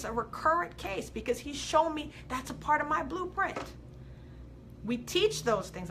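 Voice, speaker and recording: Woman, live-stream host, inspirational preaching, animated, bright tone, slightly high voice. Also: slight background noise. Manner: animated, reads viewer comments aloud, preacherly swings from loud to soft. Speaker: host of a live faith and life coaching show.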